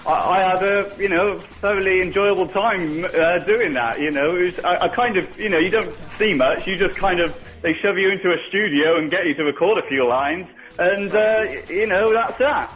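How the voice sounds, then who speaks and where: A man's voice: high-pitched, moderate pace, few pauses, fairly bright tone. Rambling older man on the phone. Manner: rambling, hesitant, full of "you know". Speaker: guest. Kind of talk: phone interview. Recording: phone line with faint music.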